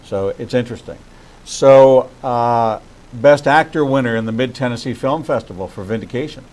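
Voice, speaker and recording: A man from Pittsburgh hosting an interview, asking questions in a measured, deliberate way. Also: mid-range voice, a little mellow, rough recording. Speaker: interview host.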